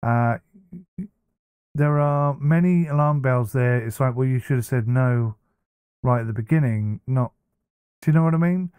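A man's voice: mid-range voice, measured pace, long pauses, darkish tone, clear, resonant tone, no echo. A man hosting a reaction commentary, talking bluntly and casually with many fillers and restarts. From United Kingdom. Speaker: commentary host.

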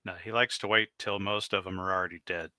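A man's voice: sits low, fairly even intonation, quick pace, pushed and bright. A man playing a tabletop game, chiming in with dry, teasing remarks. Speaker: player. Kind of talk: casual game chat.

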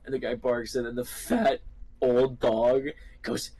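A man's voice: mid-range voice, expressive, takes it slowly, a crowd in the background, low-quality recording. A young man joking and teasing his friends during a casual gaming session, laughing often.

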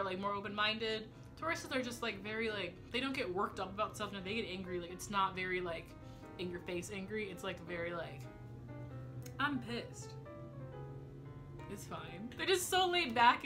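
A young woman chatting fast and rambling to camera at home, swearing often, with a slight speech impediment. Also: on the high side, pushed and bright. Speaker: vlogger. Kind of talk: casual chat to camera. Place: home room.

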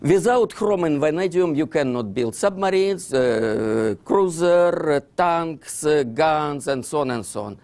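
In a lecture hall, a Russian-accented man whose first language is Russian presents his book over slides, using broken English and lots of "you see" fillers. His slightly high, darkish voice has lively intonation, moving a little slowly with hardly any pauses.

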